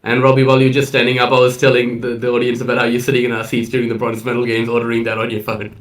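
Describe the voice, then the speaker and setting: A man's voice: mid-range voice, completely flat delivery, racing. A man co-hosting a casual sports chat, upbeat and calling people man and bro. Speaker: podcast co-host. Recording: distant mic.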